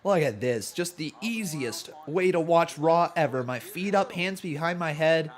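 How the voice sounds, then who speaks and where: A man hosting a live wrestling watch-along stream, talking in a jokey, excitable, self-mocking way from a home setup. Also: fairly high pitch, unhurried. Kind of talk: live-stream reaction commentary.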